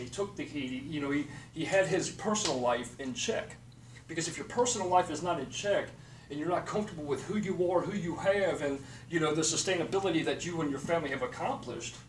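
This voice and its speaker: A man giving a blunt, profane motivational monologue, punctuating points with "okay" and "period". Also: on the high side. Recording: echoey room, distant mic, faint noise.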